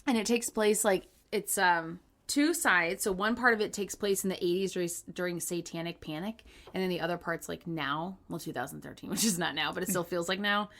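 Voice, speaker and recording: A woman co-hosting a casual podcast, relaxed and giggly, whose speech often trails off softly. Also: lowish voice, a little fast, few pauses. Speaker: podcast co-host. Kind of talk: casual chat.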